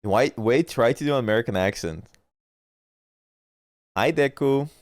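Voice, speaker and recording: A man's voice: mid-range voice, quick pace, dry recording, clean studio sound. A young man with a stuffy nose, commenting on an esports match in blunt, profane, rambling talk on a livestream. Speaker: esports streamer.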